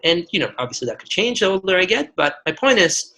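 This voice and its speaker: Earnest, bright-voiced man in his forties. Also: high-pitched, big pitch swings, quick pace, low-quality recording. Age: 40s. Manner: earnest, storytelling with many restarts. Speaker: guest physician. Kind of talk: podcast interview.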